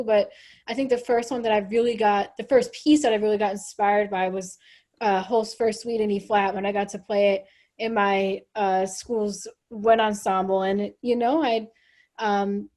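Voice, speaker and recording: A woman hosting a casual chat over a video call, relaxed and talkative with many fillers. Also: fairly high pitch. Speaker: host, trombone player. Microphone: video call microphone.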